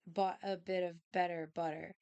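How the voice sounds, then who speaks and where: A woman's voice: lowish voice, flat delivery, moderate pace, gravelly, a little mellow, clean tone, no room sound, muffled recording. A woman chatting casually as a streamer, playful, giggly and rambling. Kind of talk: casual chat.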